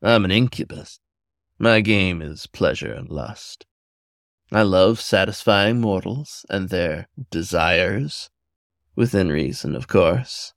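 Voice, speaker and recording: A sultry male incubus demon purrs out his words slowly and low, as a male storyteller puts him on. His tone is teasing and sure of himself. The voice sits deep and close in a dry, dead room. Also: lively intonation, vocal fry, no echo, full character voice. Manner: slow, low, seductive purring.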